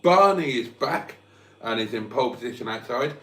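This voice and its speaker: A man's voice: mid-range voice, expressive, normal speed, sharp tone, recorded from a distance. A man chatting casually on a live vlog from home, hungover and lisping, in a self-mocking way. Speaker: vlogger. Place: room at home. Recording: roomy, off-mic.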